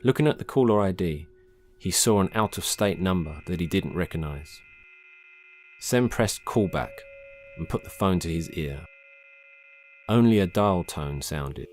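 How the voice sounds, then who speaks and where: A man reading his own short science-fiction story aloud in a calm, measured narration. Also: low-pitched, slight background noise. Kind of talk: scripted narration.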